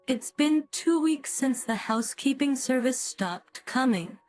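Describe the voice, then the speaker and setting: A woman's voice: high-pitched, expressive, measured pace, a little mellow, no room sound, soft background music. A woman voicing a whiny grown son who pleads with his mother for help.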